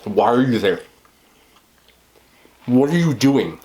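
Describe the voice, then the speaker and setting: A man hosting a mukbang, chatting casually to the camera between bites. His voice sits at a middle pitch but swings widely, jumping up when he exclaims. He speaks in an animated way, with loud bursts. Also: slow pace. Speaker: mukbang host. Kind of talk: casual chat while eating on camera.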